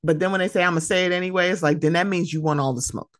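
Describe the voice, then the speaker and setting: A woman's voice: lowish voice, quick pace, dry recording, studio quality. A woman hosting her own podcast, talking casually and with feeling, telling stories about friends. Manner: emotional, tearful at times, animated storytelling. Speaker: podcast host. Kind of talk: casual solo podcast monologue. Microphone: close podcast mic.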